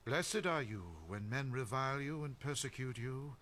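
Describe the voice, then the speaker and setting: Man voicing a steady apostle, mid-pitched voice, grave and solemn, radio drama. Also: normal speed, slight background noise, lightly acted. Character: calm, steady male apostle leader.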